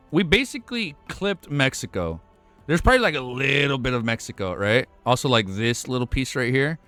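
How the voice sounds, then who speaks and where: A young American man reacting to a webnovel on stream, excitable and swearing often, laughing as he talks. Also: a little high, dry recording. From United States. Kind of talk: casual reaction commentary.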